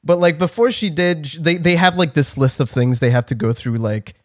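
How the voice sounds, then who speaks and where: A young man with a slightly high voice tells a story on a comedy podcast. He rambles, restarts his sentences, swears and laughs at himself, all in a loose, casual tone. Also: fairly quick, no echo, clean studio sound. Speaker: podcast co-host.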